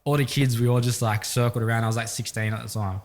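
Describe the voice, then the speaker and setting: A man's voice: mid-range voice, fairly even intonation, fast talker. A young man from Sydney with an Australian accent, telling stories as a guest in a casual interview with lots of fillers. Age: young adult. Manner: laid-back storytelling, lots of fillers. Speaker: guest rapper.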